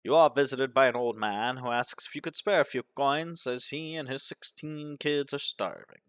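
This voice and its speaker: A man narrating a game playthrough, reading its events aloud in a deadpan manner. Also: medium pitch, normal speed, smooth, dry recording. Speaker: gaming commentator.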